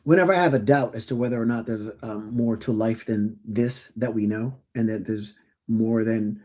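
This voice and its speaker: A middle-aged man co-hosting a relaxed podcast, his voice dark and mellow. He tells stories casually, often restarting his sentences, and bursts into animated impressions of the people he quotes. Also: fairly low pitch, normal speed. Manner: animated storytelling with acted-out quotes; stammering restarts. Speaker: podcast co-host. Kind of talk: casual conversation.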